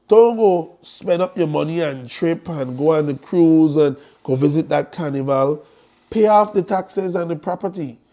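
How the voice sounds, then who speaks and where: Blunt man, mellow voice. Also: a little high. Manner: blunt, joking, preachy. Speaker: host promoting an estate planning conference. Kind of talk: live-stream monologue.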